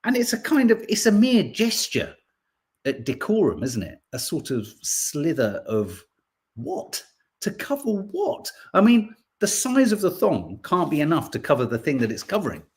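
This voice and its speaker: A man's voice: a little high, wildly swooping pitch, moderate pace, slightly rough. A man from Birmingham hosting a podcast, casually reading out headlines and viewer comments with jokey, playful asides. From Birmingham, England. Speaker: podcast host.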